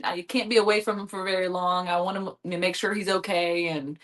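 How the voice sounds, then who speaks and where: A woman's voice: fairly low pitch, fairly even intonation, fairly quick. A woman guest on a podcast interview who chats candidly and laughs often. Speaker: guest fighter. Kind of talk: casual interview chat.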